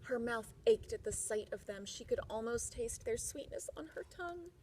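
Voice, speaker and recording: A woman reading a picture book aloud to children, expressive, with chatty asides. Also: fairly high pitch, moderate pace, a little hiss or hum.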